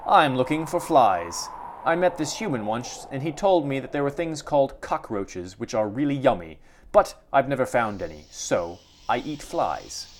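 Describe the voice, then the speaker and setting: A man's voice: mid-range voice, normal speed, lightly acted. A man voicing a big, poised but scatterbrained spider who speaks politely and rambles. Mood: pleased. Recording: steady background noise.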